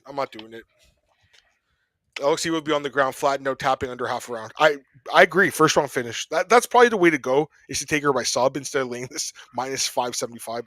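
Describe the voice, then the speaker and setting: Man, podcast host, casual fight-pick chat, bright voice, dry close sound. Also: fairly high pitch, no room sound. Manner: laughing, animated, rambling banter. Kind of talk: casual sports betting chat.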